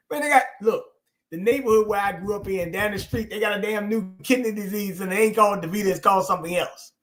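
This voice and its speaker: A man hosting a livestream chat, telling stories in an animated way, swearing and laughing. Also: sits high. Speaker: show host. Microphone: streaming call.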